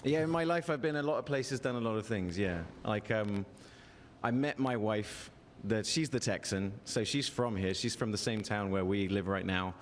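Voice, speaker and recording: A man in his forties with an English accent, a guest telling quick, self-deprecating stories in a casual live interview. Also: lowish voice. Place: outdoor backyard bar stage. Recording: long reverb, faint noise.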